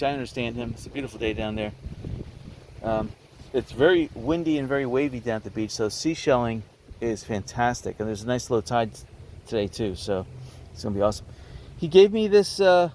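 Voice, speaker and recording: A man casually showing his garage sale finds on camera, chatty and hesitant, breaking into excitement over bargains. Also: medium pitch, fairly quick, a little hiss or hum. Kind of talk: casual show-and-tell vlog.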